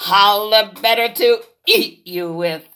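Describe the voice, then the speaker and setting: A woman voicing the big bad wolf in a storybook reading, sly and smooth. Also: mid-range voice, takes it slowly, bright, forceful tone, pitched above the performer's own voice.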